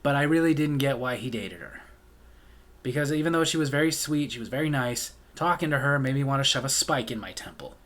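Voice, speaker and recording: A man's voice: mid-range voice, animated, fairly quick, fairly bright tone. An American man telling a comedic story from his life in a sardonic, exasperated way. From United States.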